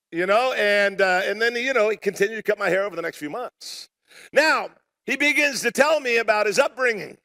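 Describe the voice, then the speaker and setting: A man preaching a sermon to a congregation, telling a story in an animated, conversational way with self-deprecating humor and calling out for responses. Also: high voice, fast talker. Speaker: pastor. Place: church sanctuary before a live congregation.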